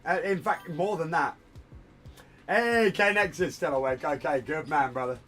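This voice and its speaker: A man streams from his room at home, talking in a loose, rambling way while he works at a desk mic. His voice sits a little high for a man. Soft music plays in the background. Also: measured pace. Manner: rambling, chatty, self-deprecating. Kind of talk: casual hobby livestream chat.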